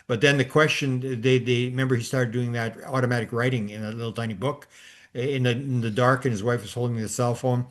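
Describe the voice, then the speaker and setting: A man's voice: mid-range voice, steady tone, fairly quick. Rambling older man telling a story. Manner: rambling, many restarts and fillers. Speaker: podcast host. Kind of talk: casual storytelling chat.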